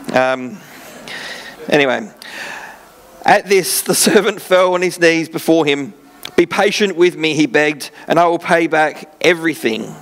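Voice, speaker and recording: A man's voice: a little high, fairly bright tone. A man preaching a sermon in church, reading scripture with joking asides in a casual way. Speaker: pastor.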